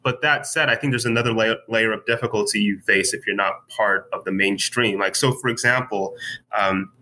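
A man talking in a relaxed interview, thoughtful and searching, with many fillers and restarts as he works through his ideas. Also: fairly low pitch, normal speed, rough recording. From United States. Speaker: guest writer. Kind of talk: casual conversational interview.

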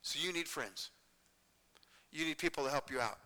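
Pastor guy preaching, earnest, keeps saying okay?, smooth clear voice, big reverby church. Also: a little high, expressive, normal speed, pushed and bright. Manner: earnest, repetitive, conversational preaching with frequent "okay?" check-ins. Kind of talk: sermon.

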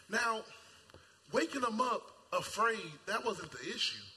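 A man preaching a sermon in a casual, colloquial way, animated and playful, jumping into character voices and shouting at high points. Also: unhurried. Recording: long hall reverb, faint ambience.

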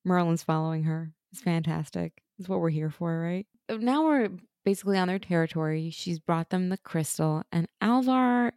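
A woman's voice: on the low side, normal speed, hardly any pauses, darkish tone, no room sound. Chatty woman, dry close sound. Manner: opinionated, laughs often, swears. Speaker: podcast co-host. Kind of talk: casual rewatch chat.

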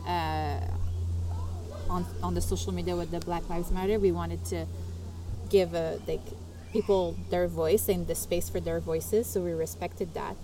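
A woman's voice: on the low side, steady tone, a little slow, dark tone, slight background noise, rough recording. A woman who organizes a design community, chatting casually in a podcast in a playful, silly way. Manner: playful, silly, laughs a lot.

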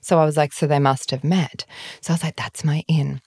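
Animated woman guest telling a story, low voice. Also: brisk, slightly rough, no echo, studio quality. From Australia. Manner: animated storytelling, acting out her own dialogue. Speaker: guest author. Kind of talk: podcast conversation.

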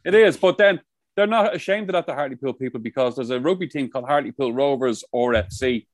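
A man's voice: mid-range voice, fast talker, no echo. Rambling, swearing man telling stories. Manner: rambling storyteller, swears a lot. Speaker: podcast co-host. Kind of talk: casual chat. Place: outdoors by the coast.

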